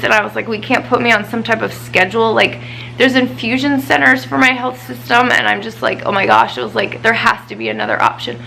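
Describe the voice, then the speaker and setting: Frustrated woman venting, bright gravelly voice. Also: on the high side, sing-song, a little fast, a little hiss or hum, poor audio. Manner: frustrated, venting about a doctor visit. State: upset, recently crying. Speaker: vlogger. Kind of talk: casual chat.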